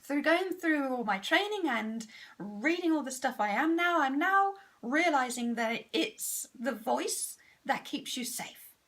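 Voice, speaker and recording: A woman's voice: high voice, expressive, unhurried, a bit bright. Candid woman talking to camera. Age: adult parent. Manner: candid and self-deprecating. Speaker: vlogger. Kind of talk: casual vlog monologue.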